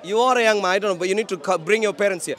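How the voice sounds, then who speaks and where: A man preaching in the open air on a city street, his voice sitting very high as he projects loudly to passersby. He argues in a confrontational way, pressing people to answer him. A faint murmur of a crowd is heard behind him. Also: rapid-fire.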